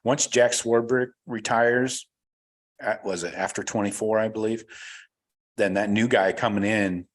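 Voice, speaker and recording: Laid-back deep-voiced American man chatting. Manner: relaxed, rambling, swears casually. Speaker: podcast host reading live chat. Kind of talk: casual livestream chat.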